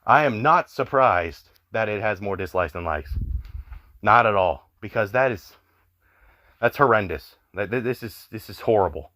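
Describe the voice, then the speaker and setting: This young man's voice is fairly low and sharp in tone, animated and at normal speed. He's a commentary YouTuber ranting in exasperation, cursing frequently and filling gaps with "like."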